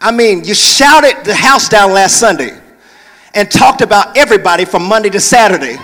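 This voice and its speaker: High-voiced preacher man, echoey hall. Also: animated, normal speed, pushed and bright. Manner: preaching, shifts into hollering whoops. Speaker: pastor. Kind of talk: sermon. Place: large church.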